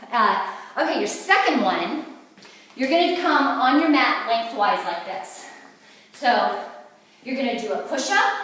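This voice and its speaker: A woman's voice: a little high, fairly bright tone. A woman fitness instructor demonstrating a workout, calling out each move as she does it and getting out of breath. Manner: cueing moves while exercising. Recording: very echoey room from far off.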